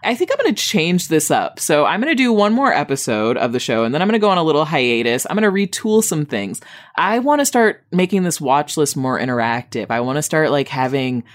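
A woman hosting a podcast, chatting casually about TV she watched, rambling with lots of fillers, wry and exasperated, jumping way up in pitch when she mocks people, and high on weed while she talks. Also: big pitch swings, brisk. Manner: wry, exasperated, jumps high for mock quotes. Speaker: podcast host. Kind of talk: casual TV review chat.

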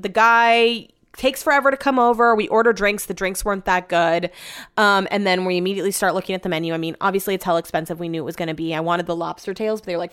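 Chatty young woman, smooth voice. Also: medium pitch. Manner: chatty, profane, animated. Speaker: vlogger. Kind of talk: casual storytelling.

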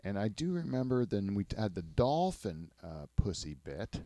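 A man hosting a podcast in casual, rambling chat, self-mocking and quick to laugh. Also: on the low side, very animated, warm tone, no echo. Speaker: podcast host.

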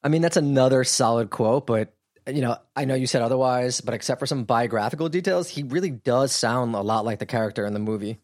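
A man with a mid-pitched voice, bantering casually on a podcast. He tosses in wry jokes and offhand asides, often teasing his co-host. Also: fast talker, a little mellow.

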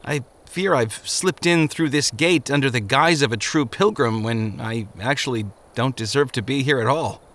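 Man playing a shaken pilgrim, earnest, weary, bright voice. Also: medium pitch, normal speed, few pauses, natural voice. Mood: anguished. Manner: earnest, anguished.

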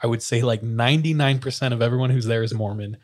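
A man's voice: mid-range voice, fast, darkish tone. Young male podcast host, casual storyteller, chatty with fillers, laughs often.

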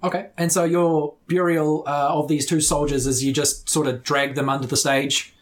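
A game master narrating a tabletop game at a mid pitch. The delivery is relaxed and casual, with frequent fillers between descriptions. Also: normal speed, a crowd in the background.

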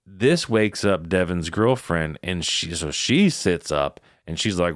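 A man's voice: sits low, very animated, unhurried, no room sound, studio quality. A man hosting a podcast, retelling eerie camping stories in loose, casual, profane talk. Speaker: podcast host. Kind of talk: casual storytelling chat.

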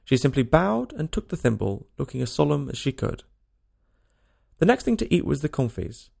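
Gravelly, lively male storyteller. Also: on the high side. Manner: measured, expressive reading. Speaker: narrator. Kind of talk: audiobook storytelling.

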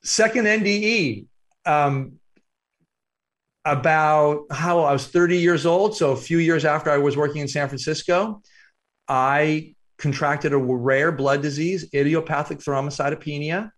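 Male author guest, higher-pitched, reflective storyteller with halting pauses. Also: a bit bright. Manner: reflective, unhurried, halting with fillers. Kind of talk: storytelling interview.

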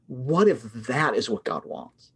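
A man talking casually on a podcast about his book, lively and often laughing as he acts out little prayers. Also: mid-range voice, measured pace, slightly rough. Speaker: author and guest.

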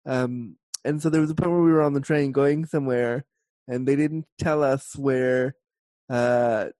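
A Canadian woman hosting a podcast, chatting in a lively, rambling way with quick tangents. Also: extremely low pitch, no room sound. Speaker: podcast host. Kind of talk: casual interview chat.

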